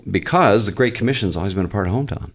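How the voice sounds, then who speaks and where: A male pastor with a notably low voice, talking in a relaxed podcast interview. He thinks aloud and circles back to restart his points. He keeps an earnest, conversational tone and lets some easy humor in. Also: racing, a little hiss or hum. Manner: earnest, explains at length with frequent restarts.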